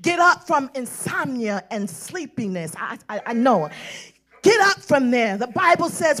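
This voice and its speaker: A woman preaching a prophetic sermon, shouting and sing-songing her lines with "uh" between phrases and calling her listeners "sis" and "girl". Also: sits high, very animated, unhurried. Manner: shouting, sing-song preaching with breathy "uh" fillers; exhorting women as "sis" and "girl".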